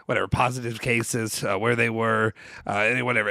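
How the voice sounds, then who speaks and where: A man's voice: on the low side, little pitch movement, a little fast, vocal fry, sharp tone, dry recording, studio quality. A man from Kentucky co-hosting a casual football chat podcast from his home basement, rambling with lots of fillers and restarts, drifting into tangents. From Louisville, Kentucky. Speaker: podcast co-host.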